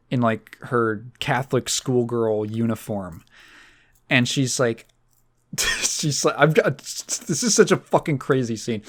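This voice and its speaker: A man hosting a podcast in casual chat, rambling with fillers, laughter and swearing. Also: medium pitch. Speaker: podcast host.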